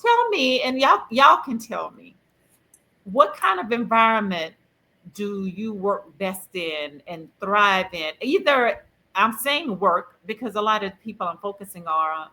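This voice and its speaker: This is a middle-aged woman hosting a podcast from a video call. Her voice is bright and ringing, and she talks at a mid pitch. She keeps the chat animated and playful, full of laughter and easy slang. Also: poor audio. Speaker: podcast host. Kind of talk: lively conversational podcast hosting.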